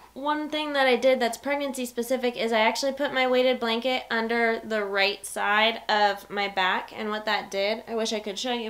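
A woman lying down at home and talking to a nearby camera in a casual vlog. She explains each step calmly and keeps breaking off to praise her dog softly. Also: on the high side. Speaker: vlogger filming her service dog. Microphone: camera set low nearby.

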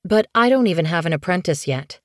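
A woman's voice: on the low side, lively intonation, a little fast, dry recording, lightly acted. A woman voicing a young, ambitious female warrior cat who speaks earnestly and doubtfully, in a dry, close recording.

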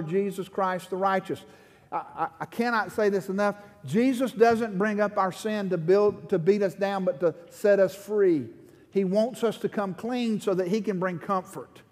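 A middle-aged man preaching with passion, his high voice carrying through a long hall echo. He explains a passage and then presses the point with growing urgency, as a pastor does in a church. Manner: impassioned, rising to fervent pleading in prayer. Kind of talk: sermon.

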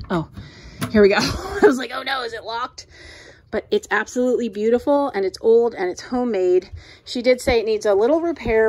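A middle-aged woman talks casually into a camera mic as she walks through her house, gushing over her bargains. Her voice sits at an ordinary middle pitch, and a faint household ambience hums underneath. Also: slight background noise. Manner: chatty and enthusiastic, gushing about finds. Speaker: home decor vlogger. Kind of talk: casual vlog show-and-tell. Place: at home, moving between rooms and outdoors.

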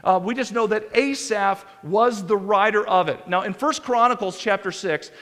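High-voiced pastor preaching in a hall. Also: male voice, moderate pace. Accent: American. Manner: conversational, animated with restarts and acted quotes. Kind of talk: sermon. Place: church sanctuary. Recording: long hall reverb.

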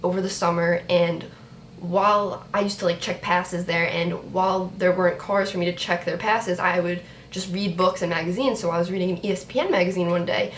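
A young woman reacting to a sports draft on her vlog, chatty and excitable, talking to her viewers. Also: fairly low pitch, fairly quick. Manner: excitable, talks to viewers, repeats herself. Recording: roomy echo, faint background noise.

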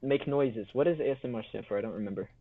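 A man's voice: mid-range voice, racing. Goofy rambling guy on a tinny line. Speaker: podcast co-host. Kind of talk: casual chat. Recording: tinny phone-like sound.

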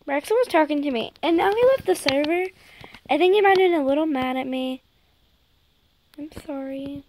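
A woman chatting excitedly to her viewers while commenting on her gameplay. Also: sits high, quick pace, slight background noise, low-quality recording. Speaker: gaming YouTuber.

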